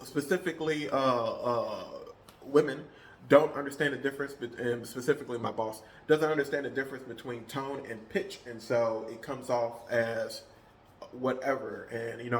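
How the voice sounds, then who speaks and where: A man's voice: mid-range voice, a bit bright, slight background noise. A man talks loosely into the camera for his fitness vlog. His sentences wander and often restart, with lots of filler words, in an unscripted chat. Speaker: fitness vlogger. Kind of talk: casual vlog monologue.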